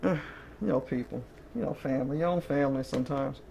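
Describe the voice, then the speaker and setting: A woman's voice: a bass voice, fast talker, gravelly, warm tone, a little hiss or hum. Chatty woman doing a tarot reading. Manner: chatty, keeps checking in with "okay?"; breaks into short laughs. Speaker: tarot reader. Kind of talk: casual tarot reading to camera.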